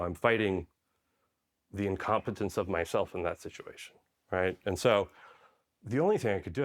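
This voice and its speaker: A middle-aged man from Poland, a former army medic, telling stories in a conversational interview style, often checking in with "right?". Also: deep voice. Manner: conversational, frequent "right?" and "you know" tags. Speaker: guest, army special forces medic. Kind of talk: interview storytelling.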